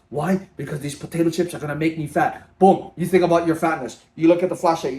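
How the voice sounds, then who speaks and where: A man's voice: a little high, fairly even intonation, quick pace, hardly any pauses, dark tone, reverberant. A man vlogging to camera in a casual, free-flowing motivational talk, emphatic and calling his viewers dude. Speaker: fitness vlogger.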